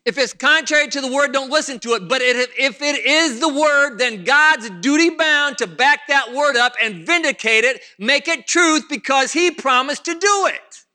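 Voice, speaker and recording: A male preacher with a very high, piercing voice gives a fervent sermon at normal speed, with hardly any pauses. He addresses the congregation directly and keeps circling back over his points, his tone tense and sharp from start to finish.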